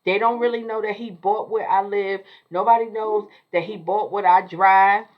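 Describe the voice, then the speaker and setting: A woman's voice: medium pitch, steady tone, normal speed, muffled recording, lightly acted. A woman voicing a nervous, defensive woman. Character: nervous woman lawyer hiding secrets.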